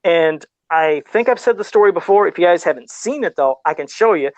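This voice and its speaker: A man's voice: on the high side, animated, a little fast, a little mellow, no room sound. A man guest on a casual podcast, a custom figure sculptor who tells stories in a rambling, self-deprecating way and chuckles often.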